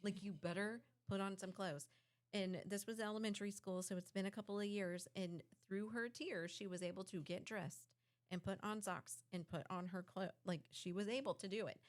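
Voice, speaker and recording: A woman's voice: medium pitch, fairly even intonation, fairly quick. A woman co-hosting a casual podcast chat, telling a frank, earnest story about a hard school morning. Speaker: podcast co-host.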